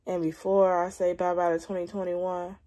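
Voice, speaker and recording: A young woman vlogging casually from her bed at home into a phone camera, venting in a weary, drawn-out way and sounding slightly congested. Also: fairly low pitch, level tone, dark tone. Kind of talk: casual confessional vlog.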